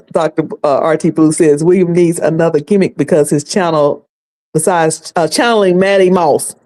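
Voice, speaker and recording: A woman's voice: deep voice, dark tone. A woman. She is chatty and loose, laughs often and restarts her sentences as she goes. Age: 50s. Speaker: commentary channel host. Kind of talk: casual commentary.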